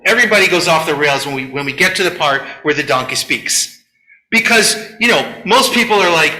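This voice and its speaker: Male rabbi giving a sermon, bright and tense tone, roomy echo. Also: on the high side, a little fast. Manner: animated storyteller, acts out quotes, chatty asides. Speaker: rabbi leading a Shabbat service. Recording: echoey room.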